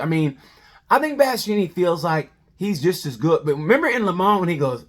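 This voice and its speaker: A man with a slightly higher-than-average voice rambles through a comedic race review. He jumps between tangents in an animated, conversational way. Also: normal speed. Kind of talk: comedic sports review monologue.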